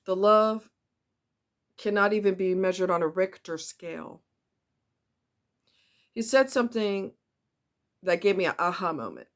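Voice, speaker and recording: A woman giving a casual monologue about relationships, emphatic and animated, repeating words for effect. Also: medium pitch, measured pace, pauses often. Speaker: relationship commentator.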